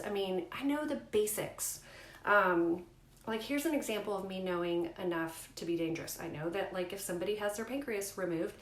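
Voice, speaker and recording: Woman, personal vlog storyteller, emphatic and animated, mid pitch, reverberant room. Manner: emphatic, animated retellings with rising outbursts. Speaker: mother sharing a family health story. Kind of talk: candid personal storytelling to camera.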